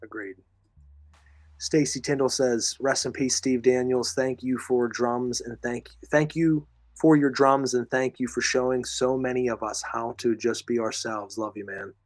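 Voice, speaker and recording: A man's voice: mid-range voice, steady tone, measured pace, no room sound. Male podcast co-host, voice fading, emphatic coaching manner, dry close sound. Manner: emphatic, repeats phrases, coaching tone. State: losing his voice. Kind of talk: earnest advice talk, reading listener comments.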